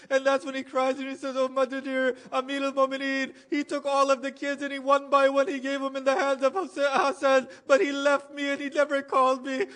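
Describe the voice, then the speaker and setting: A man's voice: extremely high pitch, a bit bright, clear, resonant tone. A man narrating a mourning sermon with impassioned, emotional delivery, at times rising to cries. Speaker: majlis speaker. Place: religious center hall.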